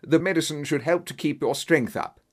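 A man voicing a courteous calm detective. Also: fairly high pitch. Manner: courteous, measured.

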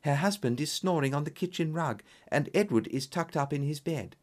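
A man's voice: a little high, normal speed, voice pushed up, close to an everyday voice. A man voicing a frightened young woman, a governess in an audiobook story, speaking anxiously and urgently.

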